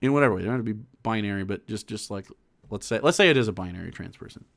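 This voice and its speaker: A man's voice: lowish voice, racing, creaky. A man streaming political commentary, talking casually with rambling restarts, fillers and swearing. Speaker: streamer reacting to a clip.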